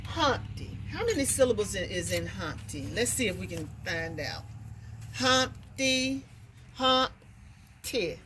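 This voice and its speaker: A woman's voice: lowish voice, very animated, normal speed, hardly any pauses, a bit bright, slight background noise. A woman teaching parents how to work on reading with a nursery rhyme, sounding out words and checking in with "okay.".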